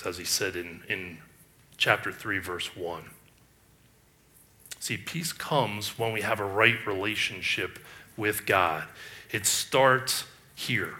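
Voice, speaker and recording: Male preacher with a bright, forceful voice; emphatic sermon delivery with restarts. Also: on the low side, slow. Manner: emphatic, rhetorical questions, frequent restarts. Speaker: pastor.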